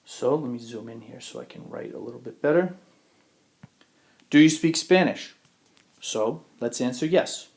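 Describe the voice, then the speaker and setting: A man teaching Spanish in a screencast lesson, explaining step by step, asking rhetorical questions and slowing down to model example phrases. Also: mid-range voice, darkish tone.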